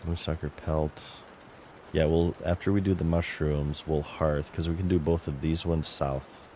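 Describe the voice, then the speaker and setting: This game streamer has a rumbling low voice and an unhurried delivery, heard over slight background noise. He chats casually, stays relaxed, and mutters to himself during play.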